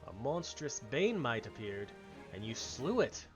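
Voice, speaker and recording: A man's voice: mid-range voice, very animated, a little slow, faint music behind. A man voicing a male villager quest-giver from a fantasy game, reading the lines with old-fashioned speech. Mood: storytelling. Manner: reads game dialogue aloud with old-fashioned turns of speech. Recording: slightly dull lo-fi stream audio.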